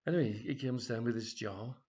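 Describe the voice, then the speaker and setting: A man's voice: medium pitch, brisk, darkish tone, husky. A man reading his own comedy story aloud in a loose, conversational way, full of fillers and asides. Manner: rambling, with frequent fillers and "of course". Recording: dull lo-fi recording.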